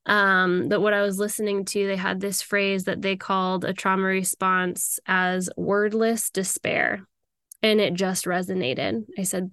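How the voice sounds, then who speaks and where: Bright, crisp-voiced woman telling a personal story. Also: medium pitch, no echo, studio quality. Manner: candid and confessional, acts out quoted voices. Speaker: podcast host.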